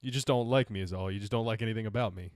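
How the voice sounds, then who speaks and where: A man's voice: on the low side, rapid-fire, darkish tone. A man in casual chat, playful and teasing.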